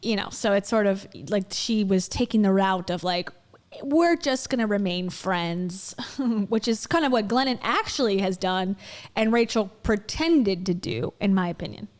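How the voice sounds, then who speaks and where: A woman's voice: medium pitch, moderate pace. A woman hosting a livestream, chatting casually and with amusement as she reacts to a video. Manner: chatty and amused, with many fillers. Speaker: livestream host.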